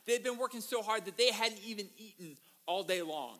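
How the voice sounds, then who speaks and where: A man's voice: high-pitched, fairly quick. A man pastor preaching a sermon, telling stories with animation and asking the congregation rhetorical questions. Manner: animated storytelling, asks the audience rhetorical questions.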